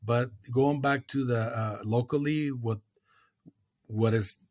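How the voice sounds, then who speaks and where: A middle-aged man from Mexico, a guest in a recovery podcast conversation, speaking earnestly and reflectively with many hesitant pauses and restarts. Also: mid-range voice, darkish tone, no echo, clean studio sound.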